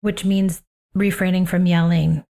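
Calm low-voiced woman parenting coach. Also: vocal fry. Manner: calm, unhurried, reflective. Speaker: parenting coach and podcast host. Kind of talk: personal advice talk.

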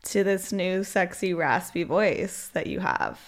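A woman's voice: lowish voice, animated, unhurried. A young woman co-hosting a podcast, chatting casually and reading an ad in an upbeat, filler-heavy way. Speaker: podcast co-host. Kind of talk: casual podcast chat and ad read.

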